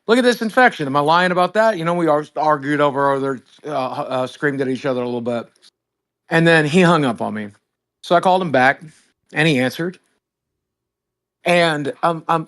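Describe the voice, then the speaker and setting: A man's voice: a little high, fairly bright tone. A man hosting a livestream, telling a heated phone-call story with lots of swearing and acted-out dialogue. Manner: profane, emphatic, acts out both sides of a phone call. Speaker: streamer host.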